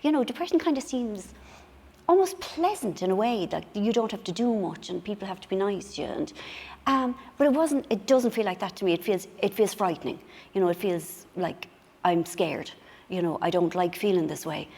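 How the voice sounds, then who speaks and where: A woman's voice: mid-range voice, lively intonation, moderate pace, darkish tone, husky, in a large hall. A middle-aged woman, a guest on a book show, chatting candidly and self-mockingly, acting out little scenes in quoted voices. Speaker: author guest.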